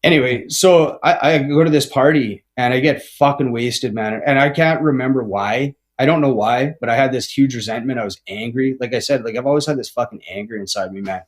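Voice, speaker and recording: A man's voice: mid-range voice, brisk, few pauses. A man in his forties, a podcast guest telling his recovery story candidly, swearing a lot, tagging lines with "right?" and "man" and restarting often. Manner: rambling with frequent restarts.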